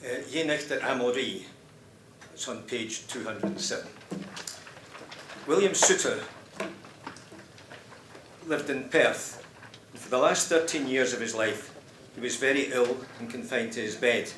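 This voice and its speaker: A man introduces poems in a measured, explanatory manner, his voice bright and crisp. The sound is roomy, with faint noise in the hall. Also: medium pitch, recorded from a distance. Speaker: presenter of poems. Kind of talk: poetry reading and introduction. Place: conference hall.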